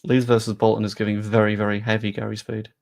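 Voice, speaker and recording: A man's voice: on the low side, level tone, fast, gravelly. A young man chatting casually on a live stream about football, rambling with self-deprecating asides.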